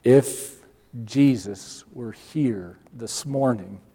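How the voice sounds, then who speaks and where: A man's voice: mid-range voice, drawn-out words, mellow, husky. A man preaching a sermon as a pastor, explaining scripture patiently and with earnest emphasis. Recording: long hall reverb.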